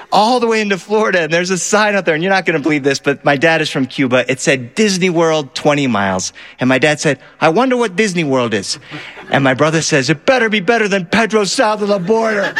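Male storyteller, live audience, animated, fairly high voice, acts out voices. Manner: animated, acting out family voices.

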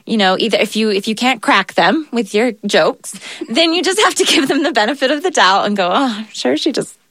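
A woman's voice: on the high side, fairly quick, no echo. Chatty woman, jokey, voice bouncing all over, dry close mic. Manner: animated, jokey storyteller. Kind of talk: casual chat.

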